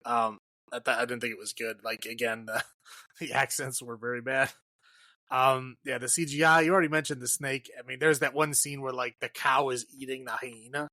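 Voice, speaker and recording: In a bright, forceful mid-range voice that stays steady at normal speed, a man co-hosts a casual movie review podcast. He's loose and profane, laughs a lot and leans on "like" as filler, recorded with no room sound.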